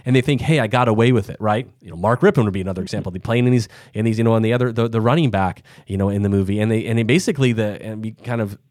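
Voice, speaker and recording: A man's voice: on the low side, racing, hardly any pauses, a little mellow, no echo, studio quality. A man from the US Midwest hosting a podcast interview, thinking aloud in long rambling sentences full of restarts. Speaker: podcast host. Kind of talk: casual interview chat.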